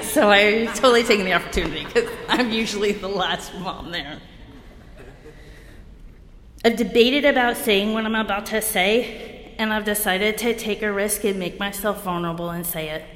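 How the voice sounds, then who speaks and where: A woman's voice: fairly low pitch, a bit bright, slight background noise. Blunt woman in an echoey hall. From New Jersey. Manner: blunt, self-deprecating and wry, with bursts of laughter. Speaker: recovery meeting speaker. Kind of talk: candid personal share at a meeting. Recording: echoey hall with long reverb.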